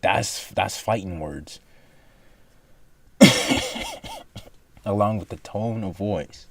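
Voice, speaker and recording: Guy w a lowish voice reacting to clips, slow and rambly, keeps correcting himself, pitch bouncing all over. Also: very animated, vocal fry, a bit bright, breathy edge, no room sound. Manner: rambling, self-correcting, talks through his thoughts. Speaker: reaction video host. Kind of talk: casual reaction commentary.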